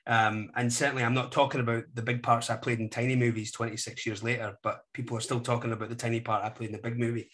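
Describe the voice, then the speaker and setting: Scottish guest, forties, relaxed storyteller who pokes fun at himself. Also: male voice, medium pitch, fast talker, few pauses. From Scotland. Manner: self-deprecating, chatty storyteller. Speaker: podcast guest. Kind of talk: casual chat.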